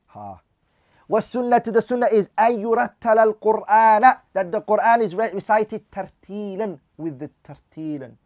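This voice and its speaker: A man's voice: fairly high pitch, a little mellow, no room sound. A man teaching a religious class, reading lines of Arabic text and then explaining them in English while putting questions to his listeners.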